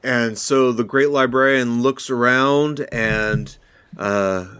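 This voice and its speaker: A man narrating as game master of a tabletop fantasy game in a measured, deliberate way. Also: mid-range voice, fairly even intonation, a bit bright, smooth.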